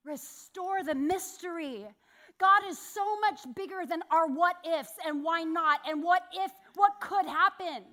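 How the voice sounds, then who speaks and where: A woman delivers a sermon in a high voice, folding candid personal stories into her message. Her tone is bright and a little sharp, and she pokes fun at herself as she talks. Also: measured pace, hardly any pauses. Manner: candid, self-deprecating storytelling with laughs. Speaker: church speaker.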